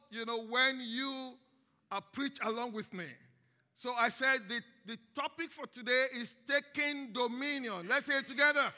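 Bright-voiced Nigerian preacher in a reverberant hall. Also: male voice, extremely high pitch. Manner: energetic, call-and-response with congregation. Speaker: guest preacher. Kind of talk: sermon. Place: large church hall. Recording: long reverb of a large hall.

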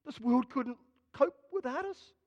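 Guy preaching in church, pretty high voice, long echo, goes soft then loud. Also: a little slow, muffled recording. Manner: expressive preaching, swinging between quiet and loud. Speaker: pastor. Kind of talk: sermon.

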